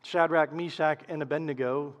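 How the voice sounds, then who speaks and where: A man preaching a sermon as pastor, swinging from loud emphasis to hushed, quiet lows. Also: fairly even intonation, normal speed, long reverb tail.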